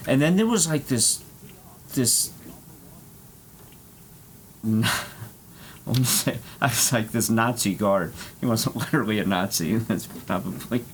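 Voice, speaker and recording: A man's voice: fairly low pitch, expressive, a little slow, long pauses, slight background noise. A man streaming, telling a rambling, profane travel story with lots of fillers and laughs.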